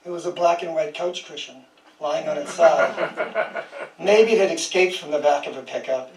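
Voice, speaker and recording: Guy in his 60s reading his poems, a bit high for a man, dry jokes in between, mic set back so it's echoey. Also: normal speed. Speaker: guest poet. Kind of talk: poetry reading with casual asides. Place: small historic house, indoors. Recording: roomy sound from a distant mic.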